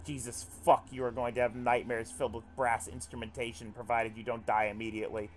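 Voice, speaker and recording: A man's voice: medium pitch, level tone, a little fast, faint music behind. Swearing man reading a game aloud. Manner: swears often, reacts aloud. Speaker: let's play streamer. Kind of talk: reading a visual novel aloud with commentary.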